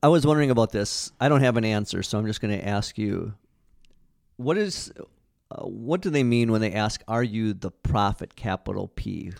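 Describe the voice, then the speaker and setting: A man's voice: fairly low pitch, lively intonation, moderate pace, vocal fry. A man co-hosting a casual Bible study discussion, talking in an earnest, conversational way with frequent restarts.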